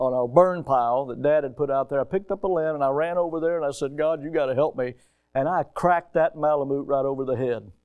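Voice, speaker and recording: A man preaching a sermon with animated storytelling, often repeating words as he starts a thought. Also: on the high side.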